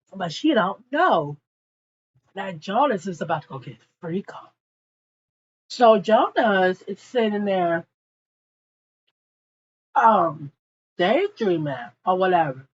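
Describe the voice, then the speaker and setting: A woman's voice: fairly low pitch, slightly rough, muffled recording. A young woman casually recapping a TV episode in a gossipy way, with frequent asides to her viewers. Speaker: TV show reviewer.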